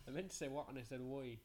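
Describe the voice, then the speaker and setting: A man, a comedian and podcast co-host, talking in a quiet, sheepish, self-mocking way in casual chat. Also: mid-range voice, slight background noise.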